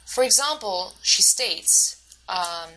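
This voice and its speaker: A woman instructor explaining an assignment step by step, often pausing with ums and uhs. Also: medium pitch, lively intonation, pushed and bright, rough recording. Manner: hesitant, many ums and uhs. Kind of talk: recorded lecture walkthrough.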